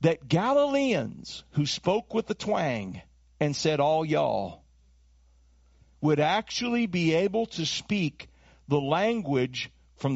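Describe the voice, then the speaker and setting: Animated high-voiced pastor preaching. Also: male voice, creaky, dry recording. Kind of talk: sermon. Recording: dull lo-fi dry recording.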